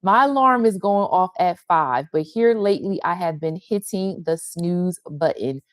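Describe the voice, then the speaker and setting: A woman's voice: on the low side, expressive, a little slow, no room sound, clean studio sound. A middle-aged woman hosting an online faith gathering from her sun porch, effusively greeting viewers by name in casual chat over a video call.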